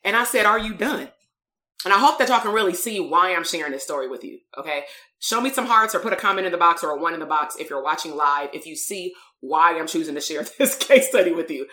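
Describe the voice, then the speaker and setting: A woman's voice: fairly low pitch, expressive, quick pace, bright, forceful tone, reverberant. A woman, a coach and therapist telling a story in a blunt, emphatic live-streamed motivational talk.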